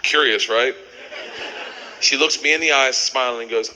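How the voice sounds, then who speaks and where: A middle-aged man telling a wild story as a stand-up comedian, loud and animated, yelling punchlines in high voices. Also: normal speed, slight background noise, low-quality recording.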